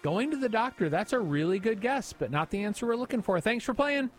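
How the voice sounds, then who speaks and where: A man hosting a morning radio call-in game, upbeat and brisk, with quick friendly sign-offs. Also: high-pitched, expressive, faint music behind.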